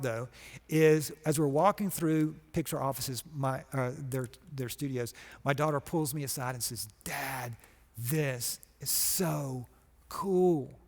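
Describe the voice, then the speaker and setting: A middle-aged man from Georgia delivers a motivational talk on a conference stage. His voice sits a bit high for a man. He tells stories with animated energy and acts out quoted lines. His voice carries a long hall reverb. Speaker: conference speaker.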